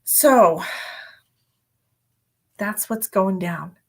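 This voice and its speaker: A woman hosting a live psychic reading stream, chatting casually in an excitable way, with laughs and whispered asides. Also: medium pitch, moderate pace. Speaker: psychic medium host. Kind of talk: casual livestream chat.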